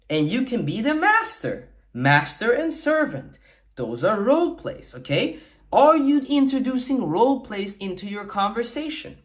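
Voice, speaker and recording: An emphatic man gives dating advice straight to camera. His pitch swings widely as he punches key words. He keeps checking in with a quick "okay?" and slips into little acted-out lines. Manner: emphatic, repeats "okay?" often; acts out sample lines in varied tones. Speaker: dating coach. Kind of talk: talking-head coaching video.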